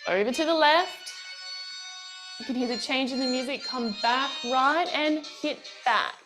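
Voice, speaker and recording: A woman from Australia leads a bellydance class in a slow, unhurried voice that sits a touch high. She counts beats and calls out moves with steady encouragement. Faint music plays behind her. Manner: encouraging, counts steps aloud. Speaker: bellydance teacher.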